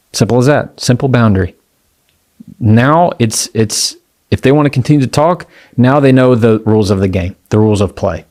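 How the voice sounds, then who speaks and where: Calm, measured man giving advice. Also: lowish voice. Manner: calm, measured, deliberate phrasing with repeated key phrases. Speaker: communication speaker. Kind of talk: motivational talk.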